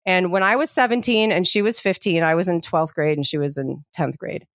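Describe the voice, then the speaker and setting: A woman's voice: lowish voice, fairly quick, dry recording, clean studio sound. A woman co-hosting a podcast, telling a long personal story in a casual chat, full of "like" and "you know". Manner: animated storyteller, many fillers like "like" and "you know". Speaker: podcast co-host.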